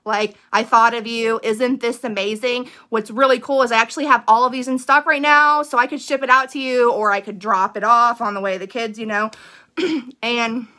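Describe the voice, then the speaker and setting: A woman's voice: on the high side, a little fast, pushed and bright. A young woman giving casual business tips to camera, chatty and eager, with lots of "um" and "like". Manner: chatty, full of fillers like "um" and "like"; upbeat and eager.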